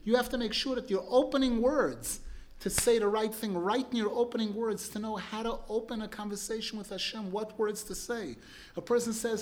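A man as religious teacher giving an animated storytelling sermon, emphatic and clearing his throat now and then. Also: high-pitched, moderate pace.

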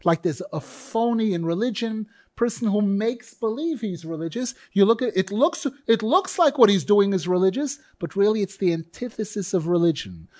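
A man's voice: sits high, expressive, normal speed, hardly any pauses, a little mellow, dry recording. A man teaching a Torah class in an earnest, emphatic way, stressing key phrases by repeating them.

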